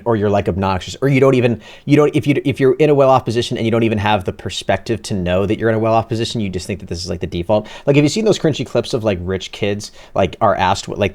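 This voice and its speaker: Rambling, low-voiced male streamer. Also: a little mellow. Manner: rambling, profane, thinks aloud. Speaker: streamer reacting to videos. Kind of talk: casual reaction commentary.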